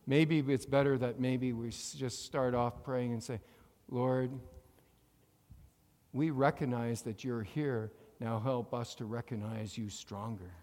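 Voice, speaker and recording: A pastor preaching a sermon to his congregation, calling for amens and having them repeat lines after him, moving between loud emphatic phrases and quiet asides. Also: medium pitch, fairly even intonation, unhurried, long reverb tail. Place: church sanctuary.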